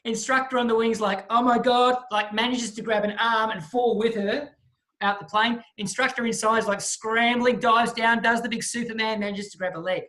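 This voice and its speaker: A man, a guest speaker telling a lively story in a talk and acting out the people in it. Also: high-pitched, moderate pace. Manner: lively storyteller who acts out the voices of the people in his story.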